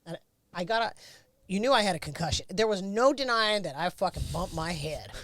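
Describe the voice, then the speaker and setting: A woman's voice: fairly low pitch, expressive, a little fast, fairly bright tone. A middle-aged woman, a former race car driver, bluntly recounting a crash in a candid interview, swearing freely.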